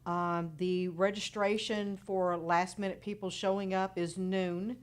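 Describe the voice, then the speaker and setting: A woman's voice: mid-range voice, little pitch movement, a little slow, clean tone. A woman guesting on a radio show, laying out event details in a businesslike, matter-of-fact manner. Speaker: guest, local party official. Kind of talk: informative announcement on radio.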